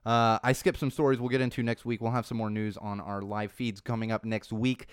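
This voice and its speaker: A man hosting a podcast alone, ranting about the news in a profane, indignant way that swings between low asides and loud outbursts. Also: little pitch movement, fairly quick, smooth, dry recording, clean studio sound. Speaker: podcast host. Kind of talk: solo podcast rant. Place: small studio.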